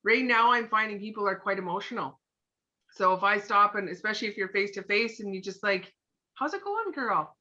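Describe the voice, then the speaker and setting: A bright, forceful woman coaches a room in a chatty, encouraging way, slipping into quick acted-out moments. Her voice comes through muffled and dull, like a lo-fi recording. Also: medium pitch, steady tone. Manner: chatty, encouraging, acts out little scenes. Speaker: sales team trainer. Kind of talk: live motivational coaching talk.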